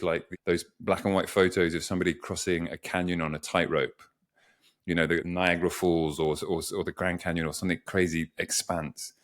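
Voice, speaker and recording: A man's voice: sits low, fairly bright tone. A man, a communication coach, answering interview questions in a reflective, storytelling way with lots of examples.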